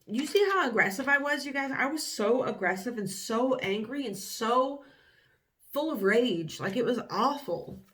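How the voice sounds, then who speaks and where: A woman's voice: a little high, animated, normal speed, fairly bright tone. A young woman vlogging casually, reading aloud from her old journals with candid, wry remarks and lots of fillers.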